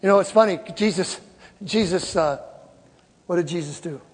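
Her voice sits on the low side at a normal speed as this woman in her sixties exhorts her congregation with an emphatic sermon, at times erupting into loud laughter and shouting. Recorded in a church sanctuary, the audio has slight background noise, a long hall reverb, and congregation murmur.

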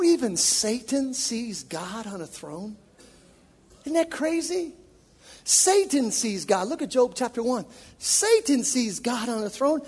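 A man's voice: very high-pitched, a little mellow, breathy edge. A man preaching a sermon as a worship leader, impassioned and emphatic. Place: church sanctuary. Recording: long reverb of a large hall.

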